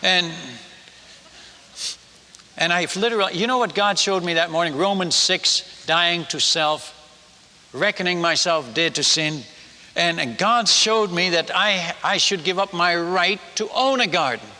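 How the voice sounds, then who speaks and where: A missionary preacher telling a self-mocking story in a sermon, animated and full of stammered restarts. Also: male voice, high-pitched, unhurried, big-room sound.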